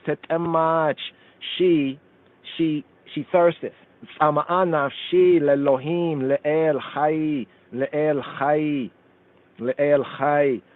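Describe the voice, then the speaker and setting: A man hosting a radio scripture study, reciting verses in Amharic and Hebrew and explaining them word by word. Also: a little high. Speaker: radio show host teaching scripture. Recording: phone-line call-in radio sound.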